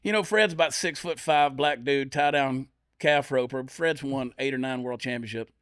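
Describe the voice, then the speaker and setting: A man's voice: mid-range voice, normal speed, clean tone, dry recording, clean studio sound. A man telling wild comic stories as a podcast guest, acting out the voices of the people he quotes. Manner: animated storyteller, lively acted-out quotes. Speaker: comedian guest. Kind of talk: storytelling on a podcast.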